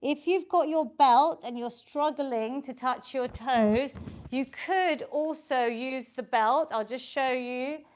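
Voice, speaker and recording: A woman's voice: high voice, takes it slowly, darkish tone, low-quality recording. A woman leading a guided home workout class as a fitness instructor, coaching upbeat and encouraging and counting the reps aloud. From United Kingdom.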